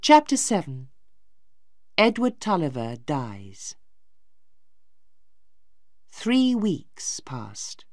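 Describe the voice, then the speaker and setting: A woman narrating a simplified story for English learners, slow, clear and expressive. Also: medium pitch, no room sound, clean studio sound.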